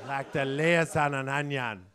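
A man voicing a smug, bigoted male elephant with a South African accent, talking in slow, stiff, deadpan admissions. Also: mid-range voice, crowd noise, voice pushed down, close to an everyday voice.

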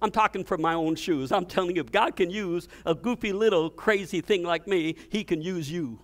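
A man's voice: high-pitched, normal speed. A male pastor preaching a fervent storytelling sermon, often repeating and restarting his words.

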